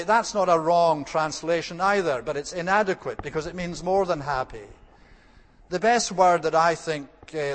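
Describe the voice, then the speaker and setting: Male preacher, slightly high voice, measured and explanatory with halting pauses, recorded in an echoing church. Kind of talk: sermon.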